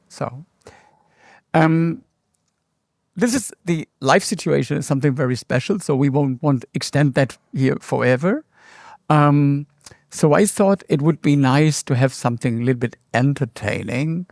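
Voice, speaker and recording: A man hosting a live podcast interview, talking in a thoughtful way with many pauses and fillers. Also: mid-range voice, gravelly, a little mellow, dry recording, clean studio sound. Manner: thoughtful, filler-heavy delivery. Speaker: podcast host.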